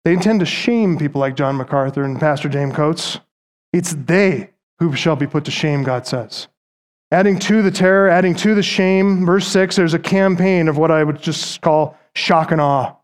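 High-voiced emphatic male preacher. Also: clear, resonant tone. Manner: emphatic, rhetorical, dramatic pauses. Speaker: pastor. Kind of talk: sermon.

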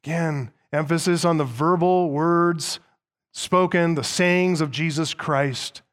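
A man preaching a sermon as pastor. He reads scripture aloud, explains it point by point, and slows down to stress key words. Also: a little high, steady tone, a bit bright.

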